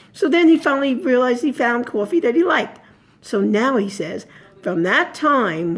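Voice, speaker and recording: A woman telling a personal story as spoken oratory, chatty and rambling, correcting herself as she goes. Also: a little high.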